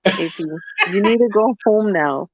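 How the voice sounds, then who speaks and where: A woman's voice: mid-range voice, animated, moderate pace, darkish tone, a little hiss or hum, low-quality recording. A woman co-hosting a live podcast, frank and teasing, often restarting her sentences. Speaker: podcast co-host.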